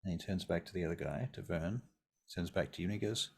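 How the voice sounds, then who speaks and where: A man narrating as game master of a tabletop role-playing game, in a lively, stammering way. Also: low-pitched, fast, creaky, slightly rough.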